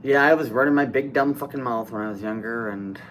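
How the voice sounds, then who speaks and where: A young man from Ohio, co-hosting a podcast, telling a story in a casual, animated, profane way. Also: medium pitch, fairly quick, crowd noise. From Toledo, Ohio. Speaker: podcast co-host. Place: podcast studio.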